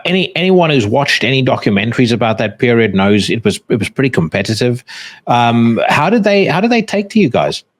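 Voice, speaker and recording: A man's voice: medium pitch, big pitch swings, fairly quick. A man hosting a podcast, asking curious interview questions. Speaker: podcast host.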